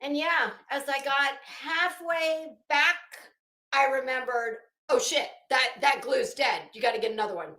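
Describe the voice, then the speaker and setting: A woman's voice: high voice, a little slow, pushed and bright, echoey room. A woman hosting a fashion gossip commentary show at home, telling a rambling, profane, self-mocking story while hot and sweaty. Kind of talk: casual chatty commentary.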